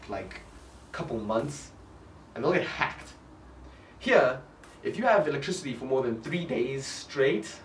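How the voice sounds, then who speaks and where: A young man riffs through a comedy vlog, rambling and joking with plenty of "like". His mid-range voice sounds set back from the mic in a roomy space. Soft music plays faintly behind him. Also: medium pitch, recorded from a distance. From South Africa. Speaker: vlogger.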